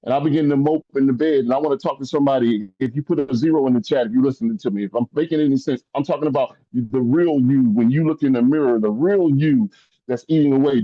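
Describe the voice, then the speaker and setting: A man giving an impassioned motivational talk, preacher-like, repeating phrases and rising to high emphatic peaks. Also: no room sound, lo-fi sound. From rural upbringing. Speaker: motivational speaker.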